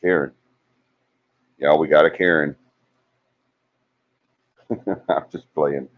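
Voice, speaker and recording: A man hosts a casual livestream, chatting and teasing as he reads out viewer comments. His voice sits low and deep, and the audio is a little muffled, like a lo-fi stream. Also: steady tone, takes it slowly. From Alabama. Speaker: livestream host. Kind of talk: casual live chat reading comments.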